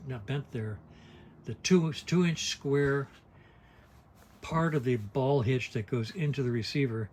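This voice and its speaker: Filmed on a handheld camera, this is a casual, rambling vlog from an older man on an RV trip, chatting from inside the vehicle. He has a mid-range voice and a folksy, digressive style full of wry asides and restarts, with slight background noise behind him.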